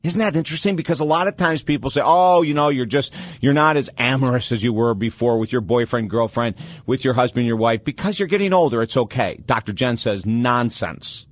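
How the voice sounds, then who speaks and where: A man hosting a radio talk show with an energetic, motivational delivery. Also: medium pitch, a little fast, no room sound, studio quality.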